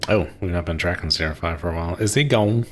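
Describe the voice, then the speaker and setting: A man's voice: deep voice, a little hiss or hum. A man giving casual, chatty commentary while playing a naval warfare game, laughing and talking to himself. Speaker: streamer.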